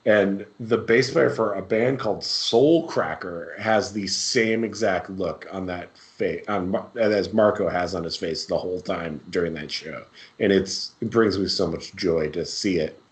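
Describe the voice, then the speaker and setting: A man's voice: low voice, a little slow. A man co-hosting a podcast in casual chat, enthusiastic and laughing as he recounts favorite scenes. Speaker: podcast co-host.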